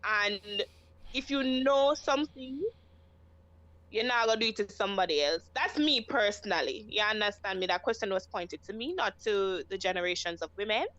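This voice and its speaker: A woman's voice: medium pitch, moderate pace, fairly bright tone, dry recording. A woman calling in to a live show, speaking earnestly and frankly about her own life. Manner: earnest, frank, keeps asking "you understand me?". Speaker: caller. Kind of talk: casual call-in chat. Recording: dry, dull call line.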